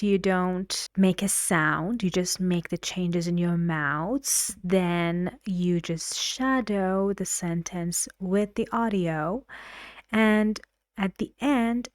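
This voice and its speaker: A woman's voice: medium pitch, no echo, clean studio sound. A woman teaching English pronunciation, patiently giving instructions and drilling syllables aloud. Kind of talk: slow, careful classroom instruction.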